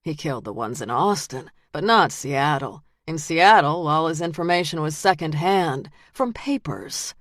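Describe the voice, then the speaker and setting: A woman reading the lines of a calm, menacing male detective who turns out to be a killer, in a quiet, flat voice. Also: sits low, a little slow, few pauses, no echo, studio quality. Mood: cold menace.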